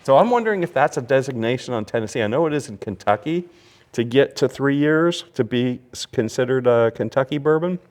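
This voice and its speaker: A man's voice: medium pitch, expressive, brisk, darkish tone. A man hosting a casual whiskey tasting chat, rambling like a storyteller with many restarts. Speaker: podcast host.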